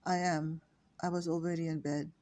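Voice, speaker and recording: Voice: medium pitch, little pitch movement, normal speed, darkish tone, close to an everyday voice. A reader voicing an upset young woman who talks in subdued, weary replies in a read-aloud story. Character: upset young woman, lonely after a party.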